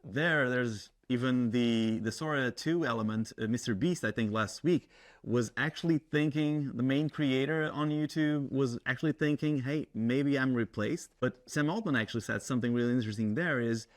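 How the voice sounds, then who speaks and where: A man hosting a tech podcast, asking his guest questions in a measured, slightly halting way. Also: mid-range voice. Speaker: podcast host. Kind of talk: interview questions.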